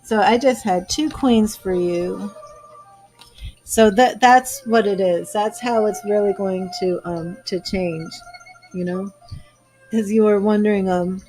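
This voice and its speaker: A woman's voice: mid-range voice, steady tone, slow pace, a little mellow, soft background music. A woman giving a live tarot reading, talking earnestly and gushing with emotion, a little teary-eyed. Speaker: tarot reader.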